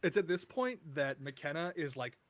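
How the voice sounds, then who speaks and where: A man narrating a horror tabletop game as game master, casual and animated, swearing freely. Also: fairly high pitch, moderate pace, crowd noise.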